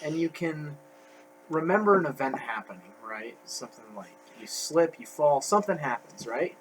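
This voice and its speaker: A man's voice: a little high, animated, moderate pace, slight background noise, poor audio. A young man hosting a casual podcast, explaining a point with examples and checking in with his listener. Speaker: podcast host.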